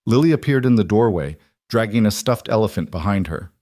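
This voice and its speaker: A man reading a scripted story in a measured, gentle way. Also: lowish voice, expressive, no room sound. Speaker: narrator. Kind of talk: scripted narration.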